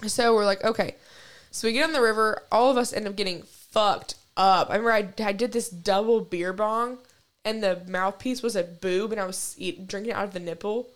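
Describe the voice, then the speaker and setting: A woman's voice: medium pitch, a little fast. Young woman, podcast co-host, casual rambling storytelling, swears a lot, says like constantly. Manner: rambling, heavy use of "like", profane.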